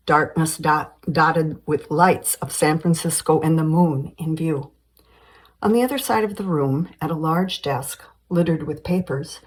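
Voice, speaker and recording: A woman's voice: low-pitched, a little mellow, slightly rough, poor audio. A woman screenwriter reading a screenplay aloud, giving stage directions plainly and evenly.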